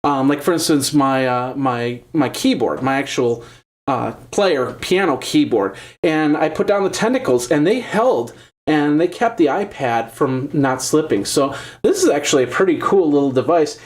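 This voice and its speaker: A man's voice: a little high, animated, normal speed. A man hosting a tech show, giving a chatty, upbeat gadget demo with lots of fillers and restarts.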